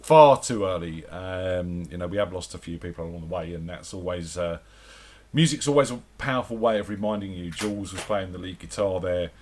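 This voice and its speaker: A man's voice: low-pitched, brisk, a little mellow. A man, a guest musician chatting casually on a radio show, telling rambling stories.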